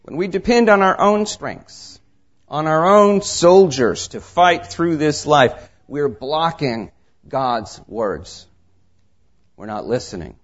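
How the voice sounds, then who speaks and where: A man preaching a sermon, reading scripture and telling stories, his delivery swinging between quiet asides and raised emphasis. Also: a little high, animated, slow pace. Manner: tells anecdotes with acted dialogue. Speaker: pastor. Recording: dull lo-fi sermon recording.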